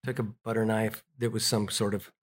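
A man's voice: lowish voice, little pitch movement, moderate pace. A middle-aged man telling childhood stories in an interview, rambling with restarts and fillers. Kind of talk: casual storytelling.

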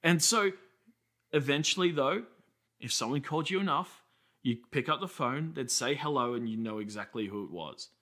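An Australian man in his thirties preaching a sermon as a pastor, telling stories in a conversational way with quick asides. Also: medium pitch, expressive, a bit bright.

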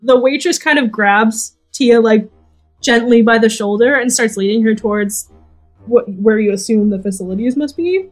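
A woman's voice: a little high, normal speed, soft background music. A woman running a tabletop game as game master, narrating scenes and talking in her characters' voices. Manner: animated, shifts into characters' voices.

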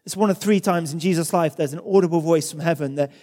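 A man's voice: a little high, fast talker, a little mellow. A man preaching a sermon in a conversational way, often repeating words as he goes. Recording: long hall reverb.

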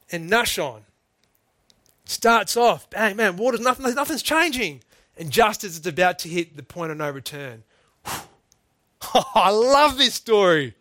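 An emphatic preacher in middle age, delivering a sermon with conviction. His voice sits fairly high for a man. The recording is dry and close, with little room sound. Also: sing-song, a little slow, pushed and bright, dry recording. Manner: earnest, emphatic, addresses listeners as "folks".

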